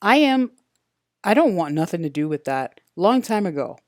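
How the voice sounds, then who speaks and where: A woman's voice: fairly low pitch, big pitch swings, moderate pace, a little mellow, dry recording, studio quality. A woman reading an audiobook, voicing a defensive male liquor store owner with a Middle Eastern accent and curt, broken English. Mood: angry shouting.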